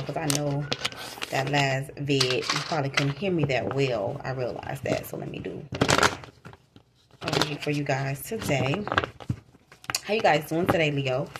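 A woman's voice: deep voice, heavy background noise. A woman giving a casual tarot reading to her viewers, slangy and repetitive, talking straight to them. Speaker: tarot reader.

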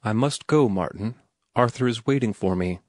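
A man's voice: on the low side, moderate pace, no echo, studio quality, lightly acted. A man lifting his voice into a prim, reproachful young lady. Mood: disappointed. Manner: earnest, questioning, disapproving. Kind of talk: audiobook character reading.

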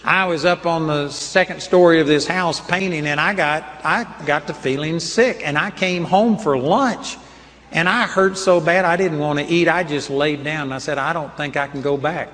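An older man preaching with a high-pitched voice, earnest and emphatic as he tells personal stories. His words ring with a long hall reverb, which gives the sermon a big, spacious sound. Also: moderate pace, fairly bright tone.

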